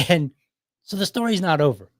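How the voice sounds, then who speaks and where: A middle-aged man hosts his own podcast, speaking expressively in a higher voice at a moderate pace, with no room sound. He tells a casual story in a loose, conversational way, chuckling often.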